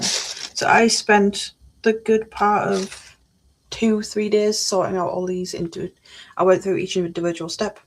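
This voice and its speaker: A woman's voice: mid-range voice, completely flat delivery, unhurried, a little hiss or hum. A woman chatting casually on a live stream, reading out chat messages while she builds a model kit at her desk.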